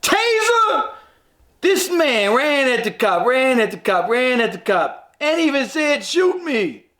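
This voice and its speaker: A man's voice: very high voice, sing-song, slow pace, a bit bright. A man hosting a livestream, commenting on videos in an emphatic way and repeating phrases over and over. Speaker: livestream host.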